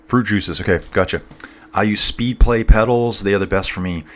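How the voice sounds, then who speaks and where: A man's voice: on the low side, moderate pace. Chatty, rambling man on a live stream. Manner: chatty and rambling, talks to viewers as "guys" and "dude". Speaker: cycling race commentator. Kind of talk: casual live-stream commentary, chatting with viewers.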